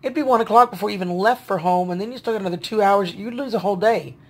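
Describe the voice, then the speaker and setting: A woman's voice: mid-range voice, racing. A woman, venting to her viewers in a casual video diary, sounding tired and frustrated. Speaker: vlogger.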